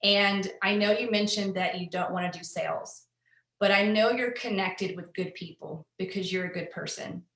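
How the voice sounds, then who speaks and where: A woman's voice: mid-range voice, moderate pace, a bit bright, reverberant. A woman presenting to a sales team, chatty and openly nervous but upbeat as she demonstrates leaving a voicemail invitation.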